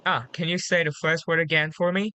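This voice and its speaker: A woman tutoring English pronunciation, patiently drilling words slowly and repeating them. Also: low-pitched, fairly even intonation, bright, forceful tone, clear, resonant tone. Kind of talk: one-on-one pronunciation coaching.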